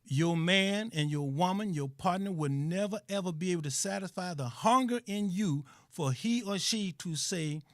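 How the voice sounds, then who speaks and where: High-voiced, preachy man hosting talk radio. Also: moderate pace, few pauses, no room sound, studio quality. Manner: emphatic, preachy, repeats phrases for stress. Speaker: talk show host. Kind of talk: live online radio talk monologue.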